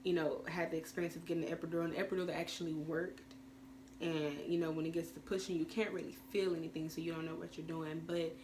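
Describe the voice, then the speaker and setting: A teenage woman rambles through a storytime vlog, piling on fillers as she talks. Her voice sits a little low for a woman, and a clear steady noise runs under the recording. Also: quick pace. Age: teens. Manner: chatty, rambling, many fillers. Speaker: vlogger.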